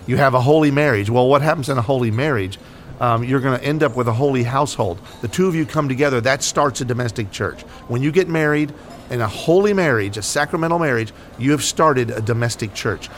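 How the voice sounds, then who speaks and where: A man's voice: mid-range voice, lively intonation, fairly quick, fairly bright tone. A man from the United States co-hosting a casual Catholic talk, explaining earnestly with many fillers and repeated "right?". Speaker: Catholic podcast co-host. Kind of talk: casual faith discussion.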